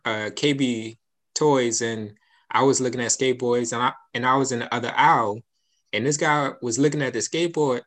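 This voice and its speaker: A man's voice: mid-range voice, fairly bright tone. Young man, casual chat, laid-back storytelling, laughs a lot.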